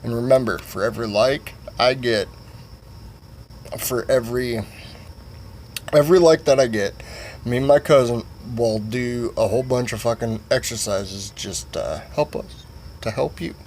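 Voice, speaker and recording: A man's voice: mid-range voice, a little slow, pauses often, a little mellow. A man telling a crude comic story, rambling and profane, with a faint hiss behind him. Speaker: comedic storyteller.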